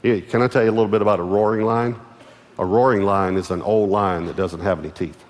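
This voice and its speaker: A man's voice: moderate pace, darkish tone. Emphatic preacher man, echoing hall. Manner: emphatic preaching, building in force and pitch. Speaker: pastor. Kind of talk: sermon. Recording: long hall reverb with faint music.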